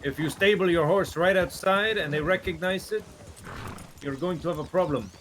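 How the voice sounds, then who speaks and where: A man role-playing a gang member who gives measured, businesslike instructions. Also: high-pitched, background noise. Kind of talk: in-character role-play.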